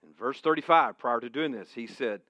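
Bright, emphatic man preaching a sermon. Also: fairly quick, no room sound, highs cut off. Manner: emphatic, swinging between booming and hushed. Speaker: pastor. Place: church room with a congregation.

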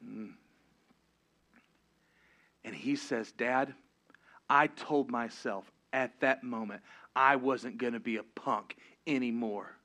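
A middle-aged pastor preaching a sermon, swinging from loud, driving exhortation down to hushed, confessional moments. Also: male voice, mid-range voice, takes it slowly, pauses often, a little hiss or hum.

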